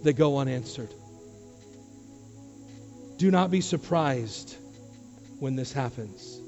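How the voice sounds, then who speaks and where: A man, a pastor, preaching a sermon to his church, dropping to quiet low asides and rising to loud emphatic questions. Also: lively intonation, slow, soft background music. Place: church sanctuary. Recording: dull sound with long hall reverb.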